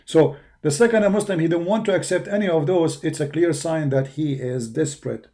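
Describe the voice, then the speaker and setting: A man's voice: on the high side, a little fast, dark tone. Combative man with an Arabic accent. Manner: combative, mocking, emphatic. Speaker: religious debater. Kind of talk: polemical monologue.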